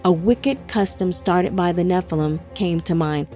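A woman narrating a scripted biblical-style story in a measured storytelling manner. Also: lowish voice, darkish tone, faint music behind.

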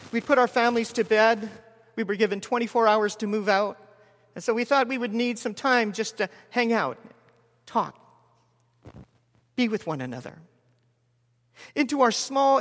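A man in his forties preaching a sermon as a story, measured with dramatic pauses and soft drops. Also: high-pitched. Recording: long hall reverb.

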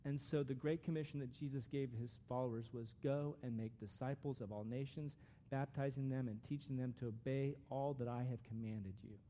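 A man's voice: medium pitch, steady tone, normal speed, dark tone, a little hiss or hum. A man giving a conversational, earnest sermon as a pastor, with frequent restarts.

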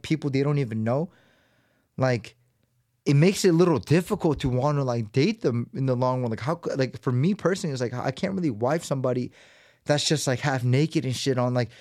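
Thirties male podcast host, mid-pitched, loose and profane, close dry mic. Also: a little mellow, no echo. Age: 30s. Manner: loose, profane, rambling with many fillers. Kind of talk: solo podcast monologue.

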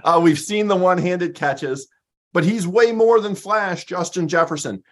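Brief: male sports co-host, upbeat and stat-heavy, slightly higher voice. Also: moderate pace. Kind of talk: casual sports talk.

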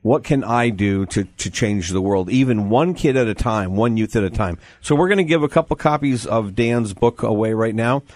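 A man's voice: lowish voice, normal speed, hardly any pauses, dry recording. A middle-aged American man hosting a radio talk show, steadily guiding an interview and reading out giveaways. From United States. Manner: steady, guiding, reads out promos.

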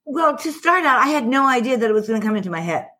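A woman who teaches karate, thinking aloud with pauses in a relaxed group discussion. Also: on the high side. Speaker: karate instructor, panelist.

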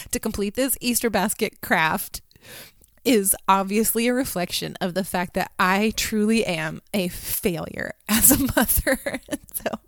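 A woman's voice: mid-range voice, dry recording, studio quality. A woman in her thirties telling a story in casual monologue, chatty and self-mocking, laughing often at herself.

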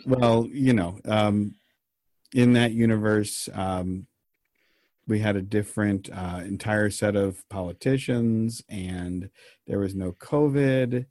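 A lower-pitched man talks in a dry, close-miked sound as he co-hosts a podcast. He tells a strange story in a loose, meandering way, full of ums and deadpan jokes. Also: takes it slowly, no room sound. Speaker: podcast co-host telling the story. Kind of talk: casual banter and storytelling.

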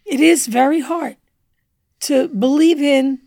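Warm-voiced woman telling a heartfelt story. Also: sits high, slow, gravelly, no room sound. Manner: earnest, drops to a hushed near-whisper at emotional moments. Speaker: podcast guest. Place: indoor studio table.

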